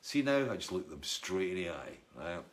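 Middle-aged Scottish musician, casual live chat, wry and rambling, lowish voice. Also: male voice, big pitch swings, normal speed. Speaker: musician answering viewer comments.

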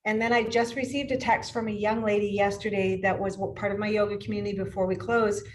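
A woman's voice: mid-range voice, flat delivery, fast, a little hiss or hum, poor audio. A woman in her fifties who owns a yoga studio, telling personal stories in an interview with emotional, effusive energy and frequent laughter. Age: 50s. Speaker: yoga studio owner and teacher. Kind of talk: podcast interview.

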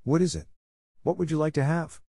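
A man voicing a kind, gentle elderly grandmother who talks to a child with mild, patient earnestness. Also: on the high side, a little fast, creaky, husky, dry recording, clean studio sound, pitched above the performer's own voice. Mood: kindly. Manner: gentle, kindly lecturing. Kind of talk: audiobook character voice.

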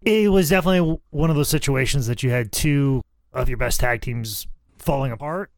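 Smooth-voiced man in casual chat. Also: mid-range voice, brisk, dry recording. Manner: rambling, swears freely. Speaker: wrestler and podcast co-host.

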